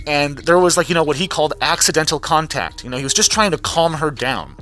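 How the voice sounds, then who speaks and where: Young dude doing a sweary fast recap vlog, lots of "like," kinda high bright voice. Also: male voice. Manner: profane, animated, heavy use of "like" and restarts. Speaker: vlogger recapping a trial.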